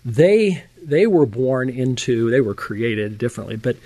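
An older man telling his testimony as an interview guest, in an animated, conversational way, often chuckling and restarting words. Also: mid-range voice, measured pace, no room sound. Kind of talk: conversational storytelling.

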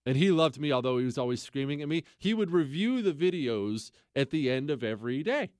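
Sardonic, animated man telling a story. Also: fairly high pitch, clear, resonant tone, no room sound, studio quality. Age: adult. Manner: animated, sardonic, self-mocking, with quick asides. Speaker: podcast host telling a story. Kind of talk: casual comedic storytelling.

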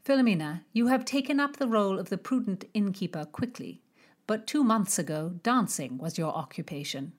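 A woman's voice: mid-range voice, animated, moderate pace, lightly acted. A woman doing a teasing young nobleman. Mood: wry, teasing.

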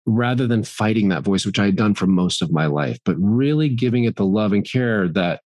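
A middle-aged man talking candidly as an interview guest, earnest and animated, acting out his inner voice at times. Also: fairly low pitch, normal speed, dry recording, studio quality. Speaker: guest actor.

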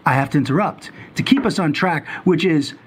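A man's voice: a little high, brisk, husky. A man co-hosting a podcast, rambling and joking, often cutting in on his partner. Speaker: podcast co-host. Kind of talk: casual chat.

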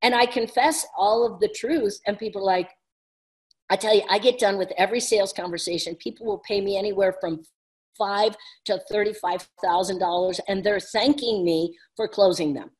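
A woman business coach in casual conversation, talking fast and energetically and laughing often. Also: mid-range voice.

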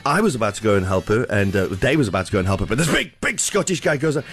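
A man hosting a radio breakfast show, telling a comic story in an animated way, hesitant and full of fillers. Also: on the low side, fast talker, breathy edge, faint music behind.

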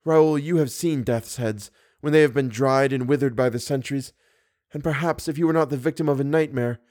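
A man voicing a frightened young woman who speaks in a hushed, trembling way, in an audiobook reading. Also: medium pitch, dry recording, studio quality, natural voice.

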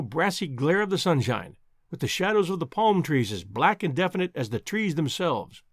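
A man narrating an adventure novel as an expressive audiobook reading. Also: on the high side, no echo, studio quality. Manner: animated, descriptive reading.

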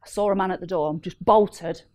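A woman tells a story in a casual panel chat, animated and laughing as she acts out the people in it. Her voice sits fairly low for a woman. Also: fairly quick. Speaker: property deal packager.

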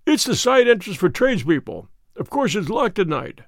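A man reading an audiobook, voicing a brisk, obliging plump young man. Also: high voice, big pitch swings, vocal fry, no room sound, studio quality, pitched above the performer's own voice, full character voice.

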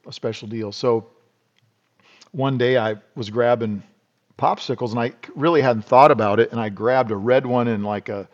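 A man's voice: mid-range voice, fairly even intonation, normal speed, highs cut off. A middle-aged man from South Dakota, a podcast guest telling rambling, folksy stories in a casual interview. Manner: rambling, folksy, restarts and repeats words.

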